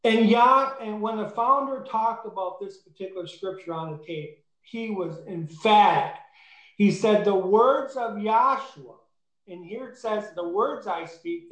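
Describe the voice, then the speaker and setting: A man preaching a sermon in an emphatic way, rising to fervent peaks. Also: high voice. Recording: echoey room.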